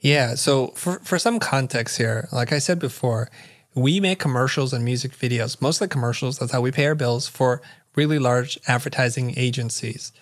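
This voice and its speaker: A middle-aged man, a guest in an interview, telling a story in an animated way and acting out the lines of the people in it. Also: mid-range voice, normal speed. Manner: vivid storyteller who acts out quoted dialogue.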